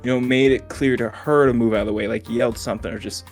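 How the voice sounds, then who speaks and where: A man's voice: mid-range voice, fairly even intonation, fast talker, soft background music. A young man co-hosting a podcast in casual chat, swearing often and laughing as he talks. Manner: swears a lot, laughs while talking. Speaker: podcast co-host.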